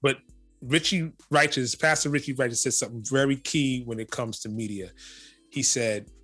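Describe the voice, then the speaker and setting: A man co-hosting a casual faith podcast, talking in an animated, emphatic way and repeating phrases for effect. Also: mid-range voice, moderate pace, slightly rough, soft background music. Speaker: podcast co-host.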